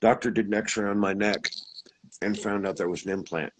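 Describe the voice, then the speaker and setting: A man who is a guest telling a personal story, animated and acting out the dialogue. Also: lowish voice, moderate pace, slight background noise.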